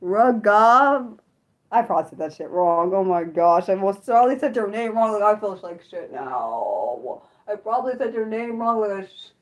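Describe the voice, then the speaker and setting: A young adult woman chatting casually on her livestream, apologetic and self-deprecating, swearing a lot and swinging from high laughing squeals to low mutters. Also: highs cut off. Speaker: livestream host. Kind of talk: unscripted livestream chat with viewers.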